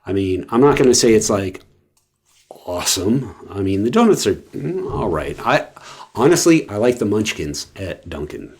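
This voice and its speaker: A man's voice: on the low side, very animated, moderate pace, a little mellow, husky. A man chatting casually to the camera in a rambling way, full of fillers and restarts. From West Coast of the US. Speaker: vlogger.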